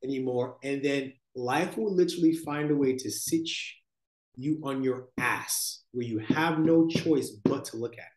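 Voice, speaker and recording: A man, a podcast guest, talking slowly and thoughtfully about life and spirituality, often adding "like" and "right?". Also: mid-range voice, darkish tone, roomy sound. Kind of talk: reflective conversational storytelling.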